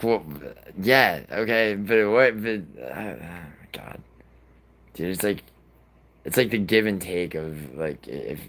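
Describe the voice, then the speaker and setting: Brief: low-voiced young male streamer, loose and profane, rambling reaction chat. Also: a bit bright. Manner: profane, rambling, laughs often. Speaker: livestreamer. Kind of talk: casual live reaction chat.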